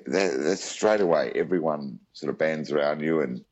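An Australian man with an extremely deep voice shares his story as an interview guest. He rambles warmly from aside to aside in a chatty, anecdotal way. The recording sounds dull and lo-fi. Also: normal speed.

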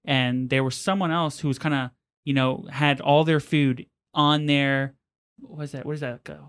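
A man's voice: on the high side, level tone, normal speed, a bit bright, clear, resonant tone. A man co-hosting a podcast, telling a story in a rambling, casual way with lots of fillers. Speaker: podcast co-host. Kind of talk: casual chat.

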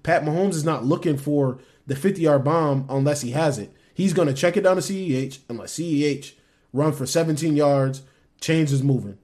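A young man co-hosting a casual sports podcast, talking quick and animated, often trailing off and restarting. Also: fairly high pitch. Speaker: podcast co-host.

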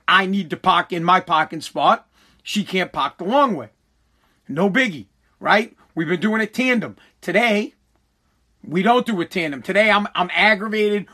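A man's voice: high voice, sharp tone. A middle-aged man hosting a podcast, venting in a rambling, exasperated way and swearing often. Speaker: podcast host. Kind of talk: casual venting monologue.

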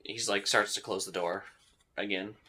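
A man's voice: lowish voice, steady tone, normal speed, sharp tone, slightly rough, voice pushed down, heavily acted. A man voicing a shaken middle-aged drunk who gives a rambling, defensive account. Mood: grieving.

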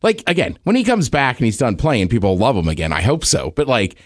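A man's voice: medium pitch, big pitch swings, brisk, no echo. Rambling man on a dry podcast mic. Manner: rambling, lots of "like", laughs often. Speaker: podcast co-host. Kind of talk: casual sports chat.

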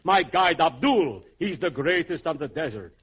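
Wily camel dealer , played by a man, high voice. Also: lively intonation, normal speed, close to an everyday voice. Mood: scheming. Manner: salesman's patter. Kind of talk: 1940s radio comedy acting. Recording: dull lo-fi old radio recording.

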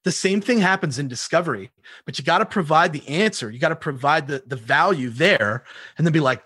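A man sharing cold-calling tactics in an interview, animated, laughing often and acting out both sides of phone calls. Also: a little high, fairly quick, breathy edge, no room sound, studio quality. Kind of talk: energetic sales talk with acted-out call examples.

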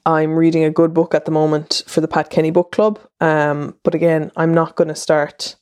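An Irish woman in her thirties, a podcast host and columnist, delivers a chatty, rambling monologue that wanders and keeps restarting itself. Her voice is deep with a darkish tone, and the recording is dry, with clean studio sound.

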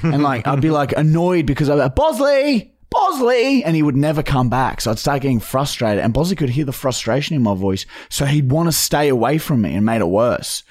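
A man, a podcast co-host telling sweary, animated stories in casual chat. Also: medium pitch, quick pace, hardly any pauses.

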